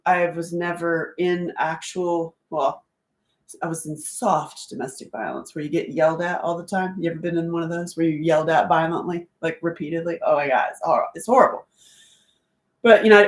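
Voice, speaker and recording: Candid chatty woman in an echoey room. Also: fairly low pitch. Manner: candid, chatty, laughs often, asks listeners if they relate. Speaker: self-help workbook host. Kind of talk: casual live-stream talk. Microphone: phone or webcam during a live stream.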